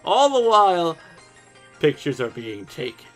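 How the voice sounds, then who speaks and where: A man with a bright, forceful, slightly high voice recaps a cartoon episode in a loose, jokey way, swearing as he goes. Faint music plays underneath. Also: big pitch swings, unhurried. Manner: irreverent, jokey, swears freely. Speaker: anime recap host.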